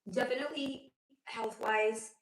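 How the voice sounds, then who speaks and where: Hoarse-voiced woman hosting a livestream. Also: a little high, steady tone, measured pace, reverberant, poor audio. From lives in Los Angeles. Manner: chatty, affectionate, reads chat aloud. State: losing her voice, sore throat. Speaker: livestream host, spiritual reader. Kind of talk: casual livestream chat with viewers. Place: home room.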